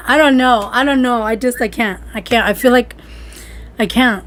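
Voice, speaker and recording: A woman's voice: a little high, moderate pace, a bit bright. A young woman co-hosting a food podcast in casual chat, giggly and hesitant, with lots of "like". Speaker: podcast co-host.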